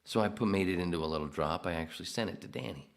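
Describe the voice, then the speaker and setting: A man's voice: sits low, very fast, gravelly. A man hosting a podcast alone, reading the live chat aloud with crude, self-mocking jokes. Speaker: podcast host. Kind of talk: solo livestream chat reading.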